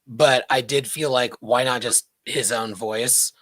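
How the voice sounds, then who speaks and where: A man with a mid-range voice talks easily on a podcast, tossing in quick asides as he goes. His voice is close and dry, with no room sound. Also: mid-range voice, fairly even intonation, pushed and bright, dry recording. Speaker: podcast co-host. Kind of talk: casual chat.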